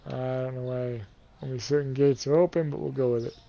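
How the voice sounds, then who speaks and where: A man's voice: medium pitch, fairly even intonation, a little fast, gravelly, mellow, dull audio. A man giving playful, casual commentary over a game, counting and thinking aloud to himself while he keeps yawning. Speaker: let's play gamer.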